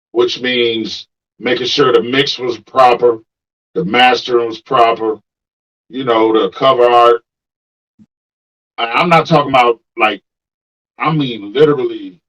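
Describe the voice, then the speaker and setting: A man with a mid-pitched voice speaks plainly and bluntly. He answers questions in a casual interview. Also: a bit bright, poor audio. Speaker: rapper guest.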